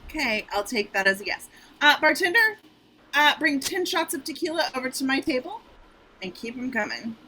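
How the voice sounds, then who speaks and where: A woman's voice: high-pitched, very animated, moderate pace, sharp tone, a little hiss or hum, full character voice, poor audio. A woman reading the part of a confident, flirty female spy in an amateur script reading, with breezy, playful delivery.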